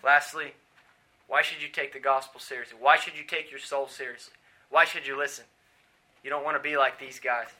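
A man preaching a sermon, swinging from hushed pleading to loud shouting. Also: mid-range voice, flat delivery, brisk.

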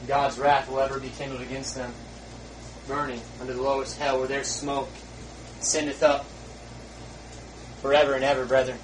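Fiery preacher guy in a church, hushed then shouting, kinda far off the mic, faint hiss behind. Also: medium pitch, little pitch movement, normal speed, long pauses. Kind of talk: fiery sermon.

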